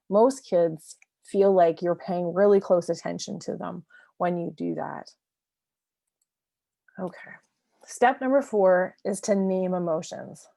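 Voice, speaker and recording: A woman's voice: medium pitch, warm tone, dry recording, clean studio sound. A woman teaching a parenting lesson in a conversational way, often checking in with "right?" and laughing lightly. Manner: laughs lightly between points. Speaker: parenting coach.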